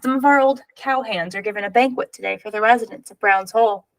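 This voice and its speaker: A woman reads as a jovial frontier storekeeper, hearty and welcoming, with grand manners. The voice is a bit gravelly, read from a storybook. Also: on the high side, fast talker, dry recording, close to an everyday voice, poor audio.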